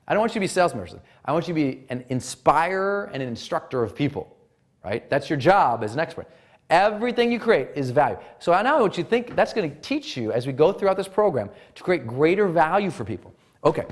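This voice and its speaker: A man from Montana teaching marketing in an energetic, emphatic way that he calls practically singing. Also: fairly high pitch. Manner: animated, sing-song emphatic delivery. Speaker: marketing coach. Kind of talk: energetic instructional talk.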